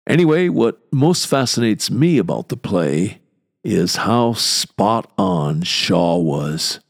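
Older male lecturer, low gravelly voice, slow and deliberate delivery. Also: sing-song. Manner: measured, deliberate, explanatory. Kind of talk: spoken lecture.

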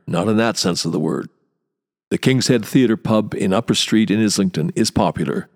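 A man's voice: lowish voice, normal speed. Wry, dramatic male storyteller, reverberant. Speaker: podcast host. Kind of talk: storytelling history narration.

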